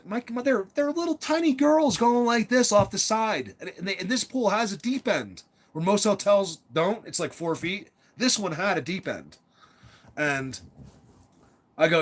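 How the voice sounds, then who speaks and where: Man, somewhat high voice, talking off the cuff: emphatic, stumbles and repeats himself, casual storytelling. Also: big pitch swings, measured pace, fairly bright tone. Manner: emphatic, repeats words and restarts often. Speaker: father telling a personal story. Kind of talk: rambling casual storytelling monologue.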